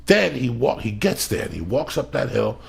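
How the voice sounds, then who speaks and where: Gravelly swearing podcast host. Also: male voice, mid-range voice, big pitch swings, normal speed. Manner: loud, swearing, acts out movie lines. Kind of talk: profane storytelling rant.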